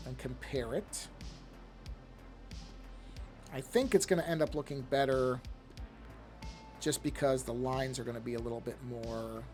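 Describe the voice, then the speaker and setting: Rambling man chatting while he draws. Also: medium pitch. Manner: rambling, self-talk, easily sidetracked. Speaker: streamer. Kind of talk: casual chat while drawing on a live stream.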